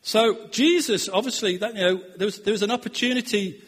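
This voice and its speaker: A man delivers a sermon in a high, light voice. He speaks earnestly, restarting phrases as his voice swells and then drops low. The sound rings with long reverb from a large hall. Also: a little fast, breathy edge. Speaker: pastor.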